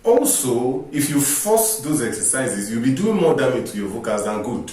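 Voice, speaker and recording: A man gives an informal singing lesson, explaining step by step and asking rhetorical questions. His voice sits at a middle pitch for a man. He is recorded from a distance in a strongly echoing room. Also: sing-song, normal speed, mellow. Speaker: vocal coach. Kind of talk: informal teaching talk to camera. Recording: echoey room, distant mic.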